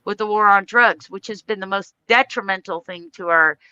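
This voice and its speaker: American woman streamer going off, swearing a lot, bright sharp voice, kinda dull audio. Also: medium pitch, moderate pace, clear, resonant tone, dry recording. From United States. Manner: blunt, profane, emphatic. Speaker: livestream host. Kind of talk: heated political rant.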